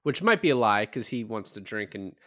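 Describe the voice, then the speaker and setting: A man's voice: on the low side, very animated, brisk, pushed and bright. A man co-hosting a film podcast, retelling scenes in a loose, casual way with lots of fillers and the odd swear word. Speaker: podcast co-host. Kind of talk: casual chat.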